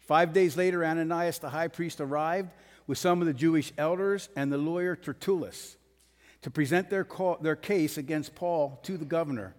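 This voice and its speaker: A man preaching a sermon verse by verse, blunt and emphatic, pushing his voice up to forceful peaks. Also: fairly high pitch, moderate pace. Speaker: pastor. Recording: long hall reverb.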